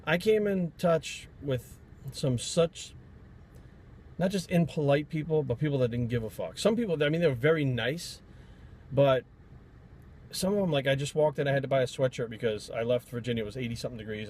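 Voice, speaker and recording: A man's voice: medium pitch, fairly quick, darkish tone, a little hiss or hum. A man from Rhode Island, a fitness trainer, telling stories in a blunt, profane, rambling vlog rant.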